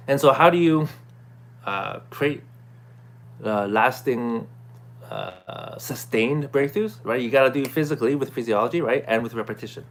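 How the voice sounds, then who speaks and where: A man casually recapping a self-help course to his viewers, clearing his throat often and checking in with "right?" and "okay?". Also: medium pitch. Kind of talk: casual talking-to-camera recap.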